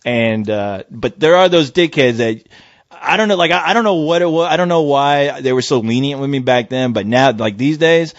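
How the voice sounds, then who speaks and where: A man's voice: mid-range voice, normal speed, no room sound. A man hosting a casual podcast chat, telling a story full of swearing and acting out the voices of the people in it. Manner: profane, animated, acts out quoted voices. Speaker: podcast host. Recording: dull dry lo-fi sound.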